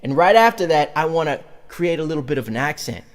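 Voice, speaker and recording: A man's voice: on the high side, big pitch swings, fast talker. A man teaching a conga lesson, counting beats aloud and vocalizing drum sounds as he demonstrates. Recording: reverberant room with loud congas.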